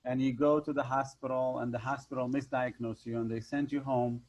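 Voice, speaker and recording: A man's voice: mid-range voice, level tone, fairly quick, a little mellow, poor audio. A man speaking as a guest in a conversational interview, hesitant with many fillers and repeated words. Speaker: guest, hypnotherapist.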